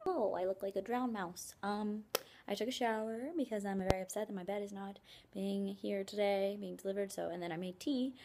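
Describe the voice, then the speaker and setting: A young college student vlogs casually from inside her apartment, with noise audible in the background. Her medium-pitched voice moves fairly quickly as she rambles, says "like" often, and mocks herself while complaining.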